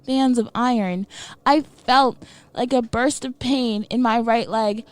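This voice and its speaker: A woman giving a slow, emotional and dramatic reading of a scripted horror story. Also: a little high, fairly bright tone, clear, resonant tone. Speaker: narrator.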